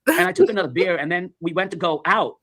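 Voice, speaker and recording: Casting: rapid-fire male storyteller, profane, animated, voices every character. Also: high voice, gravelly. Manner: animated storytelling, acts out dialogue, swears, laughs mid-sentence. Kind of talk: casual anecdote.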